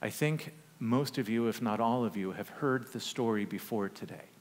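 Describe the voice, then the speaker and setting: A man preaching a sermon, telling a personal story in a conversational, animated way with humorous asides. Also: lowish voice, moderate pace. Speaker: pastor. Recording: long church reverb.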